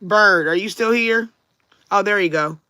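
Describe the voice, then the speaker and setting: A woman's voice: mid-range voice, measured pace, bright, forceful tone, no echo. A woman hosting a live tarot reading stream, chatting casually and answering viewers by name. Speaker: tarot reader and livestream host. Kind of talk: casual livestream chat.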